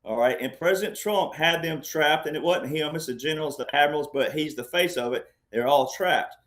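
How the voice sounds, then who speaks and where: Man, panel guest, political commentary, rambling and insistent, a touch high-voiced. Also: fairly quick, a bit bright. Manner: rambling, insistent, often says "all right".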